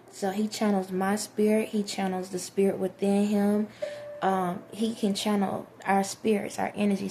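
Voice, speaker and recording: A woman's voice: mid-range voice, creaky, warm tone. A woman vlogger in a casual spiritual monologue, talking emphatically straight to her viewers and repeating her points.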